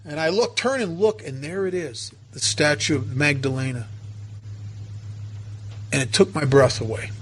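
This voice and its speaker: A man's voice: on the high side, a bit bright, slight background noise. A man telling a personal recovery story to a meeting, emotional and self-mocking by turns. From United States. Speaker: recovery speaker.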